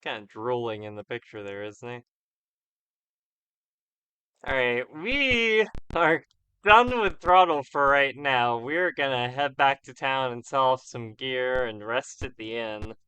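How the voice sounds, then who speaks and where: A man hosts a let's play, chatting casually while he plays. His voice is bright and crisp, recorded dry and close, and he rambles and restarts his sentences. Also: medium pitch, animated, slow pace, no room sound. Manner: chatty, rambling, self-correcting. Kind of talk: casual game commentary.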